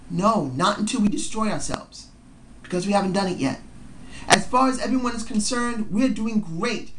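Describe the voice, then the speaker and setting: Forties vlogger ranting at the cam, preachy n emphatic, cusses a lot, mid pitch, faint hum in the room. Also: a bit bright. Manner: emphatic, preachy, swears freely. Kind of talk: impassioned video rant.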